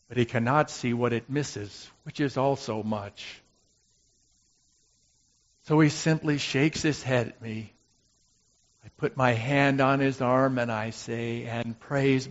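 A man playing a gentle, humble brother of Moses in a slow, musing dramatic monologue. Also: mid-range voice, highs cut off. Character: gentle brother of Moses, who made the golden calf, humble and reflective.

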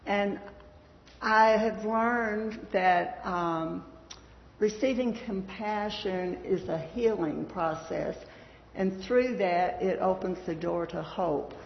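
A woman's voice: mid-range voice, takes it slowly, a little hiss or hum. A middle-aged woman with a Southern US accent, giving a folksy devotional talk with fillers and reading scripture aloud. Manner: chatty, folksy, with frequent fillers. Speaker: church speaker. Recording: echoey dull hall sound.

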